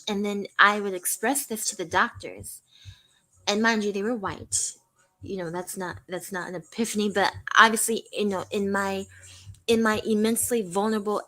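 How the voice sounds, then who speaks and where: A woman's voice: mid-range voice, bright, forceful tone, rough recording. A young woman speaks as a caller on a live talk show. She tells a painful personal story earnestly, stumbling and restarting her sentences as she goes. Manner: earnest, halting, with many restarts. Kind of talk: emotional personal testimony on a call-in show.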